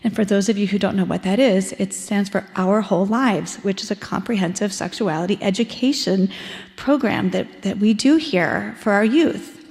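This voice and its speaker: A woman's voice: mid-range voice, normal speed, darkish tone. A woman in her forties from Ohio giving a personal testimony in a church service, conversational and reflective with frequent ums. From Ohio, USA. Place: church sanctuary. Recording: echoey church hall with long reverb.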